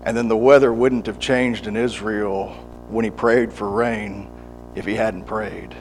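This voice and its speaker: A man preaching a sermon, often restarting his words, moving from quiet reflection to fervent, pleading prayer. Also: lowish voice, steady tone, unhurried, soft background music. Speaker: pastor. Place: church service.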